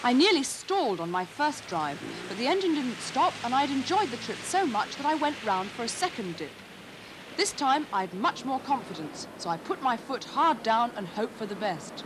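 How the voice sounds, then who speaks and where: A woman's voice: on the high side, very animated, moderate pace. Upbeat woman narrating with noise behind. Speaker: children's TV presenter. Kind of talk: scripted voice-over narration.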